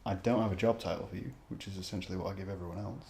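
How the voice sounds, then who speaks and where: A young man from England hosting a podcast, talking in a relaxed, chatty way with his brother and laughing often. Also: sits low, racing, a little hiss or hum. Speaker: podcast host. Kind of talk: casual chat.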